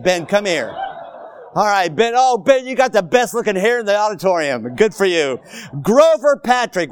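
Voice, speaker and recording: A man preaching a lively, playful sermon to his congregation in a church, talking straight to them and joking with them. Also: on the high side, smooth, dry recording, studio quality. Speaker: pastor. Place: church auditorium.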